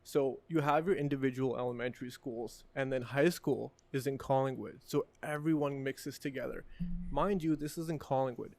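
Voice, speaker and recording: A man's voice: medium pitch, steady tone, moderate pace, a little mellow. A man guesting on a podcast at a distillery, friendly and jokey in casual chat, laughing often. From Ontario, Canada. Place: indoors at a distillery.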